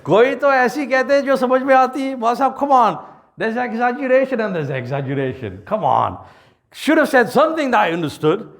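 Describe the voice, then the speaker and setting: A cheeky young fish with a dismissive, mocking edge, as a male preacher puts him on. He rises and dips in pitch as he scoffs at warnings he thinks are exaggerated. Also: wildly swooping pitch, brisk, gravelly, full character voice.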